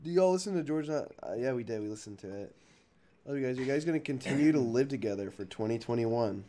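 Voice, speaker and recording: A relaxed young man talks easily on a livestream, often trailing off mid-thought. His pitch sits in an ordinary middle range and his delivery is unhurried. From Texas. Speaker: streamer reading chat. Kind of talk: casual livestream chat.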